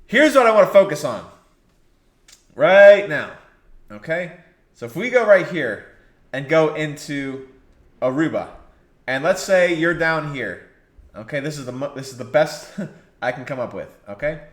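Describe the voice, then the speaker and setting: A man's voice: a little high, lively intonation, unhurried, pauses often, echoey room. A man preaching a sermon, exhorting his listeners and repeating key phrases for emphasis.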